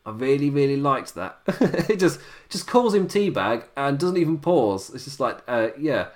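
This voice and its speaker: A man's voice: mid-range voice, sing-song, normal speed, darkish tone. A tired man reviewing wrestling in a rambling, casual livestream chat, laughing often at his own remarks. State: tired late-night voice.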